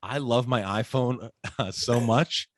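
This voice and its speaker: A man in his forties, a podcast guest, chatting casually and telling animated stories that act out the people in them. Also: medium pitch, measured pace. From United States. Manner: animated storyteller, acts out quoted voices. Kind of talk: casual interview conversation.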